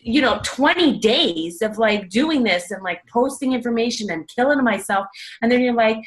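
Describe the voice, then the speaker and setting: A woman's voice: on the high side, normal speed. Blunt, swearing woman venting. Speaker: coach on a team call. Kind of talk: casual team call.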